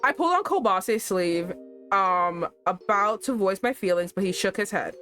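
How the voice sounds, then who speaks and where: A woman streamer reading a romance game aloud and reacting with animated, profane asides. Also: mid-range voice, moderate pace, soft background music.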